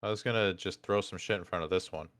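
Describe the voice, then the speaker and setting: A man's voice: deep voice, fast, a bit bright, dry recording, studio quality. A man chatting casually as a player in a tabletop game, laid-back and offhand.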